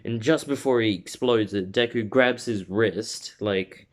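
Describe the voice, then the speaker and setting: A man retells a fan story in a loose, rambling way and leans on filler words. His voice sits low for a man. The delivery is casual and unscripted. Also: unhurried.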